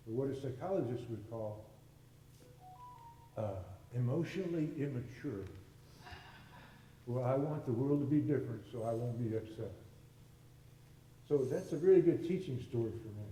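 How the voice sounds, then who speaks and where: A man's voice: mid-range voice, mellow, a little hiss or hum. A man teaching with stories, giving a spiritual talk to a gathering and acting out the voices of the people in his stories. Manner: storytelling, acts out quoted voices, folksy. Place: hall with a live audience. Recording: echoey room, voice from far off.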